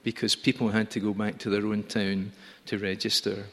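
Low-voiced preacher in an echoing church. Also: male voice, little pitch movement, normal speed. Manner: conversational, gently humorous storytelling. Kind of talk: sermon.

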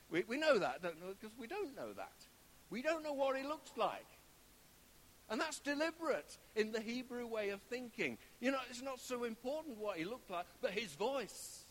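A man's voice: very high-pitched, sing-song, normal speed, slight background noise, poor audio. A man preaching a sermon in a conversational way, often checking in with his listeners and stressing key words.

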